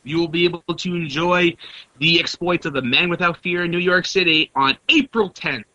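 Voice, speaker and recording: A man's voice: on the high side, moderate pace, sharp tone. A man co-hosting a podcast, presenting news items in a wry, sarcastic way. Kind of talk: casual chat, reading news items. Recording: dull lo-fi mic.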